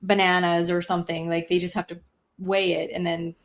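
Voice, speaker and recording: A woman's voice: fairly low pitch, little pitch movement, brisk. A woman co-hosting a podcast, talking casually and hesitantly, with lots of fillers and thoughts that trail off. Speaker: podcast co-host. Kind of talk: casual conversation.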